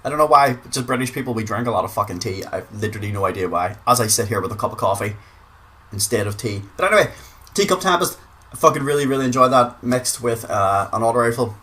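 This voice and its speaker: With an animated, sharp-toned mid-range voice, a fast-talking man from Northern Ireland does chatty gaming commentary for his videos. He curses liberally and hammers home points by repeating words.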